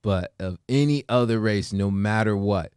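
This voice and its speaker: A man's voice: on the low side, moderate pace, smooth, dry recording, clean studio sound. A man with an American accent hosting a morning show, talking casually and acting out what others say, with many restarts. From United States. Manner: animated, acts out quotes, many restarts. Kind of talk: casual conversation.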